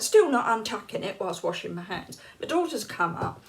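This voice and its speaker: A woman's voice: medium pitch, big pitch swings, normal speed, creaky. An English woman in her late fifties, telling stories casually to camera in a chatty, laughing way. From England. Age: late 50s. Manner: chatty, laughs often, acts out quoted lines. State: unwell, feeling hot and cold. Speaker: vlogger.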